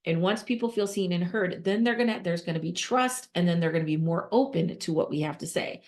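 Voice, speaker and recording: A woman giving conversational podcast advice as a nonprofit fundraising consultant, emphatic and repetitive, with quick restarts and rhetorical questions. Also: lowish voice, darkish tone.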